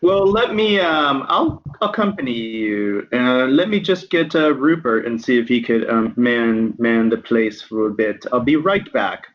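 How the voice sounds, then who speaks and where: A man voicing a polite, unconventional woman tavern keeper who talks hesitantly with many pauses, on dull lo-fi audio. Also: mid-range voice, animated, close to an everyday voice. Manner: hesitant, full of ums.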